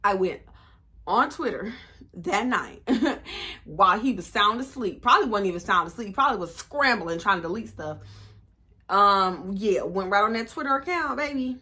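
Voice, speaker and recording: Sassy, bright-voiced young woman storyteller. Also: mid-range voice, moderate pace. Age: 20s. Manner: animated, sassy storytelling with quoted back-and-forth. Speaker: vlogger. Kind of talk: storytime vlog.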